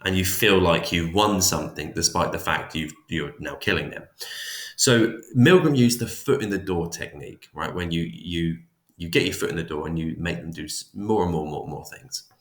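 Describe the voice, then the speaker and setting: A man's voice: low-pitched, normal speed, echoey room. A man teaching psychology in a casual, chatty lecture, often restarting and adding asides. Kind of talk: informal classroom lecture.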